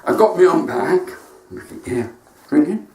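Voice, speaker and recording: A male comedian with a West Country accent fires off one-liners and chats to his online viewers. His voice sits a little high, and it comes from some way back from the mic. The room around him echoes. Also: lively intonation, measured pace, darkish tone, recorded from a distance. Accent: West Country English. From West Country, England. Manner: cheeky joke-telling with asides to viewers. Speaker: stand-up comedian. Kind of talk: stand-up comedy livestream.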